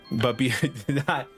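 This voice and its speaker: Guy streaming a game, laughs a lot, rambly, bit of music behind. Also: mid-range voice. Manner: giggly, rambling, self-deprecating. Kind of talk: casual game commentary.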